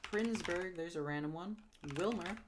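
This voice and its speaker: A woman recalling and naming towns out loud, hesitant with many ums, correcting herself and apologizing for her pronunciation. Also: fairly low pitch, moderate pace, noisy background. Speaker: geography video creator. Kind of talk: casual recall while typing.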